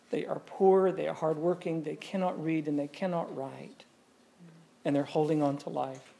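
A man delivering a sermon with a gravelly, dark voice. He talks to the congregation in an easy, conversational way and keeps asking them questions. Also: on the high side. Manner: conversational, asks the audience questions. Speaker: pastor.

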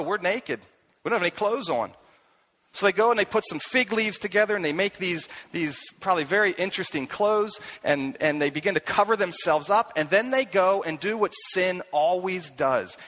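A man preaching a sermon, telling the story with animated delivery and acting out the voices he quotes. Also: high-pitched. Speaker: pastor.

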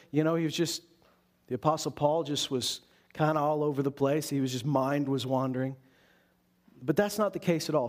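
A man's voice: a little high, a little mellow. A man preaching a sermon as a pastor, earnest and full of rhetorical questions.

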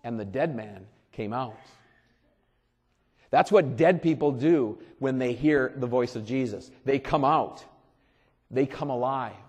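A pastor preaching a sermon in a conversational way, repeating phrases and swelling loud for emphasis. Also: male voice, mid-range voice, measured pace, breathy edge. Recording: long reverb of a large hall.

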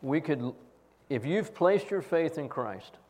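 A man's voice: on the high side, expressive, slow pace, a little mellow. A man pastor preaching an earnest Easter-style sermon, telling a personal story and acting out its quotes.

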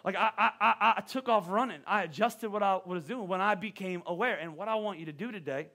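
High, bright-voiced male preacher. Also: brisk, vocal fry. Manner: animated storytelling with self-deprecating humor. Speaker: pastor. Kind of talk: sermon.

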